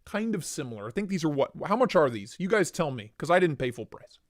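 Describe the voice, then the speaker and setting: A man's voice: on the high side, sing-song, quick pace. A man hosting a casual livestream, joking and rambling as he shows off gear and greets viewers by name. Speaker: livestream host reviewing knives and lights.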